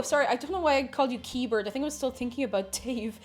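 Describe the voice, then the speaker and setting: A chatty Irish woman with a fairly high voice baking on a livestream in her home kitchen. Her pitch swoops up brightly whenever she greets a viewer, and soft music plays faintly underneath. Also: fast talker, hardly any pauses. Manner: chatty, reads chat aloud and greets viewers with excitement. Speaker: streamer. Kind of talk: casual livestream chat while baking.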